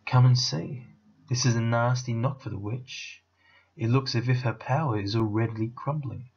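A man voicing an excited male talking beaver in a storybook reading, raised and shouting. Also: a little slow, breathy edge, muffled recording. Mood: eager. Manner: excited, shouting, higher than his own voice.

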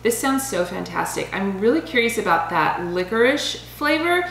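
A woman in her thirties talks through a wine tasting in a relaxed, chatty way, laughing often and fumbling over foreign names. Her voice sits at a middle pitch. The room is echoey, with a faint hum underneath. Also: moderate pace, vocal fry. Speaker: vlogger reviewing wine. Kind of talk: casual chatty review. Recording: roomy home recording with faint hum.

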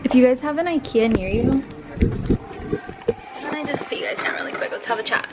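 A woman's voice: sits high, a little fast, heavy background noise. A young woman vlogging in a furniture store, talking to the camera in a chatty and playful way. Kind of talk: casual vlog chat.

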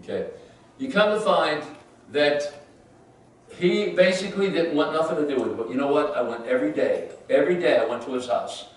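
Pastor, male, high voice, emphatic preaching, recorded from afar in a very reverberant church. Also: fairly quick. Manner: emphatic preaching, voices Bible figures, drops to soft storytelling. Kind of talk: sermon. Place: church sanctuary. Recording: roomy church, far from the mic.

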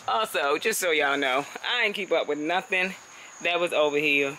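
A woman's voice: low-pitched, moderate pace, sharp tone, slight background noise, rough recording. A woman chatting casually as she walks viewers through her backyard garden on a handheld phone, laughing often and calling them y'all. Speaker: home gardener vlogger. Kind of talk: casual garden walkthrough vlog.

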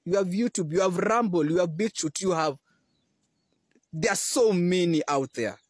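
Husky-voiced man preaching a fervent sermon. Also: high voice, moderate pace, dry recording, clean studio sound. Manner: exhorting, rising to emphatic peaks. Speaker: Christian preacher.

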